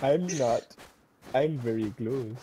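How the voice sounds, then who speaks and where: A man's voice: mid-range voice, takes it slowly, dark tone, a little hiss or hum. A man chatting with friends while playing an online game, joking and swearing freely. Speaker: game player. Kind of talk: casual gaming chat.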